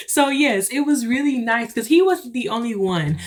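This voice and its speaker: A young adult woman vlogger chats with her viewers, telling stories casually, laughing often and acting out what other people said. Her voice is on the high side and animated, and she speaks slowly.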